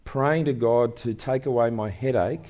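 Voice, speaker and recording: An older man speaking as a guest in an on-stage interview, telling stories in an animated way. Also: mid-range voice, normal speed. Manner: animated storyteller, acts out voices in anecdotes.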